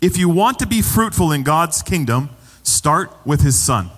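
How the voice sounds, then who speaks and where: Pastor preaching in a reverberant hall. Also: male voice, fairly high pitch, sing-song, measured pace, fairly bright tone. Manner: conversational preaching, repeats phrases for emphasis. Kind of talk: sermon.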